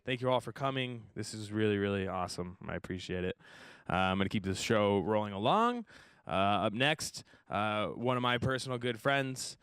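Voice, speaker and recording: A man's voice: fairly low pitch, animated, normal speed, a bit bright, clean tone, dry recording, clean studio sound. A man hosting a comedy show, introducing acts with lots of "uh"s. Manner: friendly, filler-heavy introductions. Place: comedy club stage.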